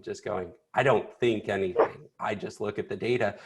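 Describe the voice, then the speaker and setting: A man's voice: fairly low pitch, steady tone, moderate pace, few pauses. A man who is a financial advisor, chatting in an easygoing way and retelling stories in a casual discussion. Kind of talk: casual office-hours chat.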